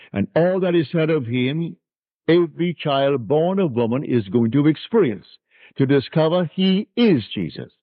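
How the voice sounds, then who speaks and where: A man's voice: mid-range voice, husky, no echo. A man giving an earnest, emphatic spiritual lecture, heard on an old tinny archival tape recording. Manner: earnest, emphatic, rising and falling delivery.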